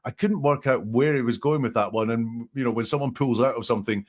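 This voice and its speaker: A man's voice: medium pitch, brisk. A man hosting a live podcast, thinking aloud with frequent ums as he analyzes quoted statements step by step. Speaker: podcast host analyzing language.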